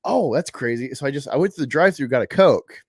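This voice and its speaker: A man's voice: medium pitch, lively intonation, fast talker, breathy edge, dry recording, studio quality. A man hosting a casual live stream about comic books. He rambles, swears freely and talks with sarcasm. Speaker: host. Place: home room at a table.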